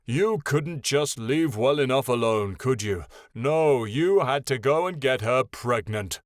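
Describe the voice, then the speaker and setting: A man voicing a proud, wounded male dragon who shouts in booming fury. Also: lively intonation, slow, no room sound. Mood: furious.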